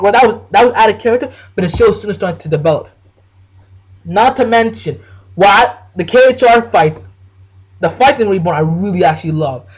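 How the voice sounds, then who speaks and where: Husky, high-voiced excitable man. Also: rough recording. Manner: excitable, profane, full of slang and restarts. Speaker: anime reviewer. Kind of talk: casual anime rant to the camera.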